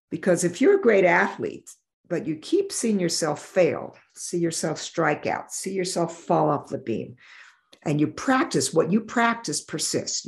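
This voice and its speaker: Vision therapist telling stories, kinda gravelly, acts out the dialogue. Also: mid-range voice. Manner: animated, acts out quoted dialogue. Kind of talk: storytelling in an interview.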